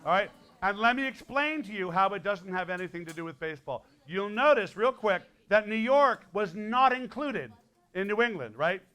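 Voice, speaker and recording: A folk musician in his sixties from Connecticut, appearing as a guest performer, delivers stage patter to a live audience in a school hall. His voice is high-pitched, bright, and forceful with lively intonation. He jokes and teases playfully, full of quick asides.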